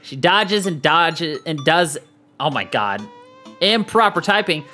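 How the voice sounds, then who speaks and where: A game streamer reads a dating sim aloud with jokey asides. The voice is bright and lively, rising and falling a lot. Faint music plays in the background. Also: mid-range voice, slow pace. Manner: playful, reading narration with jokey asides.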